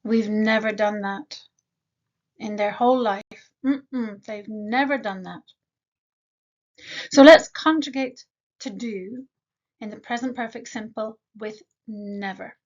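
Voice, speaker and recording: In a lo-fi recording, a woman with a mid-range voice teaches an English grammar lesson. She slowly models example sentences and fires quick questions at the learner.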